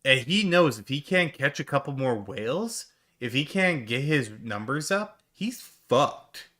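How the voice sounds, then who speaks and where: A man's voice: medium pitch, sing-song, unhurried, sharp tone. A man giving sarcastic, mocking reaction commentary on a stream clip, swearing freely.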